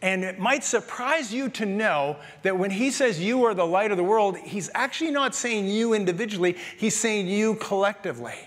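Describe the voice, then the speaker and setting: A Canadian pastor preaching a sermon to his congregation in a lively, conversational way, with jokes and asides to the people in the pews. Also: sits high, normal speed, few pauses, long reverb tail. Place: church sanctuary.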